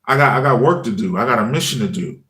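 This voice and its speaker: Man, livestream host, casual chat, middle pitch, echoey room. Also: animated, fast talker, bright, forceful tone. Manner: casual, frequent "you know what I mean". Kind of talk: casual morning livestream talk.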